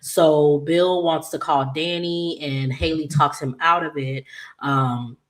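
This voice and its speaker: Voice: medium pitch, fairly even intonation, slow, fairly bright tone. A channel host casually recapping a soap opera episode, rambling with many "um"s and "she was just like," and quoting the characters as they go. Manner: retells scenes by quoting characters in their voices.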